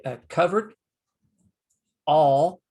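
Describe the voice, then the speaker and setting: An older man teaching a Bible Hebrew lesson, slowly sounding out Hebrew words and explaining them with frequent pauses. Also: on the high side, mellow. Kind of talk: screen-share lesson.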